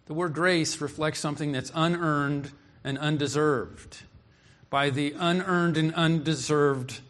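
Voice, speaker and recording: A man preaching from the pulpit in an earnest, emphatic way. His voice sits a touch higher than most men's. He reads scripture verses aloud and then explains them word by word. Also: fairly bright tone. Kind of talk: expository sermon.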